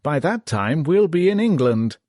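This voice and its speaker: A man's voice: fairly high pitch, sing-song, unhurried, mellow, no echo, studio quality, pitched above the performer's own voice. A man voicing a wry young soldier who jokes and confides, in an audiobook reading. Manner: joking, confiding.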